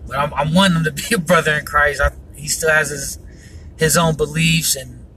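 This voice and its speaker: A man's voice: a little high, steady tone, normal speed, far from the mic. A man hosting a personal faith podcast, talking earnestly and rambling with many fillers and yawns. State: yawning often. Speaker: podcast host. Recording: noisy, voice from off the mic.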